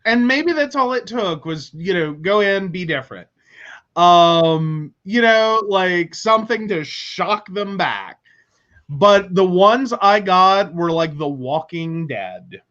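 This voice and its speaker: High-voiced, slow-talking male host. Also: animated, fairly bright tone, lo-fi sound. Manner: rambling, lots of filler words. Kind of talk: casual chat.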